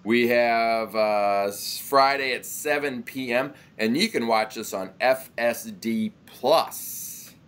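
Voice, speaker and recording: A young man co-hosting a sports picks show, talking casually and playfully, now and then breaking into loud announcer shouts. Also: medium pitch, slow, few pauses, smooth.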